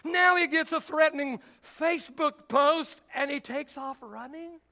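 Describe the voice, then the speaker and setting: A male pastor preaching a sermon with passion, often raising his voice to a shout. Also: very high voice, unhurried.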